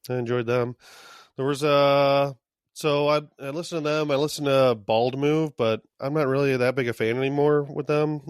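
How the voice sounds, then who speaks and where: A man's voice: mid-range voice, fairly even intonation, normal speed, clean tone, no echo, studio quality. A man co-hosting a podcast in casual chat, loose and profane, often laughing. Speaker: podcast co-host.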